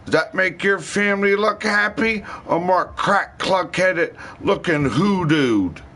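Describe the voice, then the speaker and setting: A man's voice: high-pitched, animated, slow, pushed and bright. A man livestreaming a rambling, profane rant in heavy slang.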